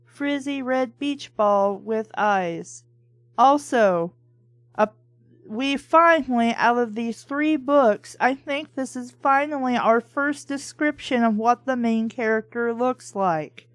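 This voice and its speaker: A woman reads a novel aloud, stopping often to mock it with sarcastic, swearing asides. Her voice is a little high-pitched, and the recording is dry and close with no room echo. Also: slow. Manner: sarcastic, profane, mocking. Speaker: book reviewer and reader. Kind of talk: sarcastic comedic read-along commentary.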